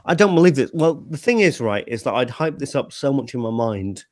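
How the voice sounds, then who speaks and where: A man hosting a casual livestream while tipsy, his words slurring a little as he rambles through fillers and false starts. He is on a video call, and his voice sounds close and dry. His pitch sits in the middle for a man. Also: sing-song, a little fast, no echo. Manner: rambling with many fillers and restarts. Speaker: livestream host. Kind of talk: casual group livestream chat.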